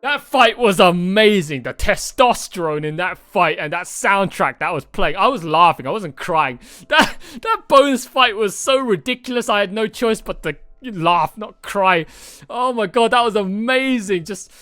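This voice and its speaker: A man hosting a movie reaction video, talking excitedly and rambling, with frequent swearing and restarts. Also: high-pitched, a little slow, no room sound, soft background music. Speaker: reaction channel host. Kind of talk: casual movie reaction chat.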